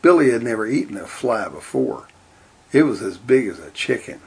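A man reading a storybook aloud in a steady, deadpan way. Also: mid-range voice, normal speed, vocal fry, husky. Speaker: narrator.

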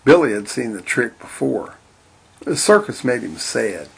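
A man reading a children's-style story aloud in a deadpan, matter-of-fact way. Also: mid-range voice, measured pace, creaky, slightly rough. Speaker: narrator.

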